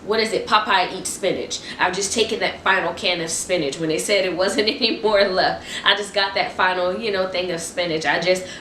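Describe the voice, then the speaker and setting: Woman, restless excited faith talk, repeated refrains, distant mic, faint background hum. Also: on the low side, fairly quick, hardly any pauses. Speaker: Christian vlogger. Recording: roomy echo, distant mic.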